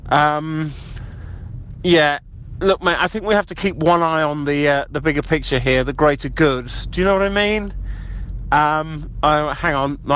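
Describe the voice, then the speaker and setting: A man's voice: on the high side, a bit bright, slight background noise. A man leaving pushy, conspiratorial voicemails, calling the listener mate. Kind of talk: improvised comedy voicemail. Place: car.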